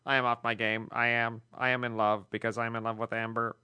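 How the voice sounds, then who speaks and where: A man's voice: mid-range voice, little pitch movement, quick pace, bright, forceful tone, clean tone. A man co-hosting a comedy podcast, playful and giggly in casual banter. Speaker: podcast co-host and voice performer. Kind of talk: casual chat.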